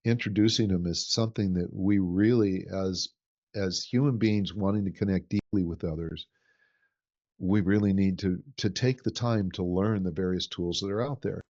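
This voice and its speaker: A man's voice: sits low, steady tone, moderate pace, darkish tone. A man teaching a workshop in an earnest way, often repeating a word as he builds his sentences. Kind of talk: teaching talk. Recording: dull lo-fi recording.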